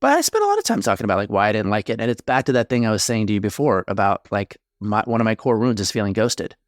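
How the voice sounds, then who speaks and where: A man's voice: on the low side, sing-song, fast, no echo, clean studio sound. A man co-hosting a relationship podcast, telling a story in rambling casual chat with tangents. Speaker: podcast co-host, therapist.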